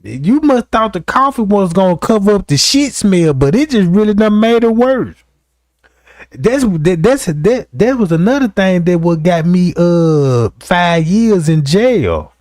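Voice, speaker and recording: A young man with a high voice tells a comic story, speaking a little slowly in loose, profane, animated fashion. He keeps checking in with the listener, asking "you know what I'm talking about." The studio-quality recording has no room sound.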